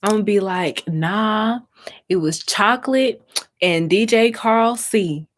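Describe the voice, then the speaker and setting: A woman's voice: mid-range voice, takes it slowly. A young adult woman from Mississippi with a Southern US accent, chatting casually with viewers on a crafting livestream and answering their comments.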